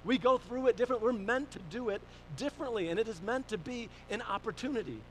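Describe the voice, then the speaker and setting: A man preaching a sermon, telling stories in a lively conversational way, with restarts and rising emphasis on his questions. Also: very high-pitched, fast talker, a little hiss or hum, rough recording.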